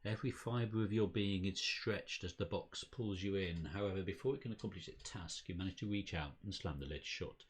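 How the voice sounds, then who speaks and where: A man reads the story text of a card game scenario aloud for a podcast, steady and measured. His voice is very deep and husky.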